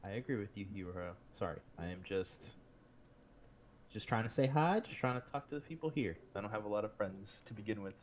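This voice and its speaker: A man's voice: on the low side, lively intonation, fairly quick. A man playing a tabletop game, talking casually in a blunt, joking way, recorded on a dull lo-fi mic. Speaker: player. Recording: dull lo-fi mic with faint hiss.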